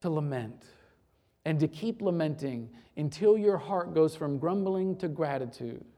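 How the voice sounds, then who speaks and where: A man's voice: a little high, lively intonation, a little slow, warm tone. A male pastor preaching a sermon to his church, emphatic and repeating phrases for effect.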